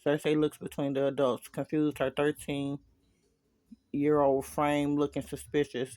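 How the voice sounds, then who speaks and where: A man's voice: on the high side, completely flat delivery, moderate pace, darkish tone, no room sound. A man casually reading a fan story aloud, dropping chatty asides to listeners. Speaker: story reader.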